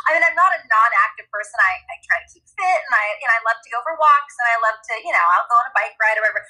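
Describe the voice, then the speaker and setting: A middle-aged woman and mother chatting candidly, laughing often and jumping into high playful voices when she quotes her kids. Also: lively intonation, very fast, few pauses, bright, forceful tone, rough recording. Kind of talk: casual chat.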